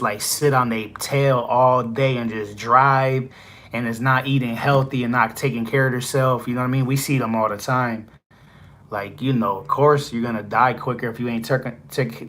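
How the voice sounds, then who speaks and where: A truck driver with a medium-pitched, fairly bright voice chats casually on a live stream. He rambles on with lots of fillers, saying "you know" constantly.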